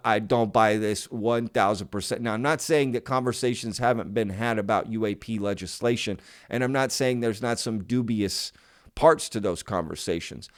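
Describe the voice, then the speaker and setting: Smooth-voiced skeptical male commentary host. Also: mid-range voice. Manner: emphatic, skeptical, repeats himself, addresses viewers as y'all. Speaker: channel host. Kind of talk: casual commentary to viewers.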